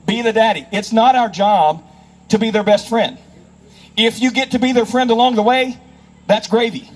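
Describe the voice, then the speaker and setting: A middle-aged federal investigator speaking on child safety tells emphatic stories to a live audience, acting out the people in them. His voice is high-pitched, his speed normal, and the audio poor.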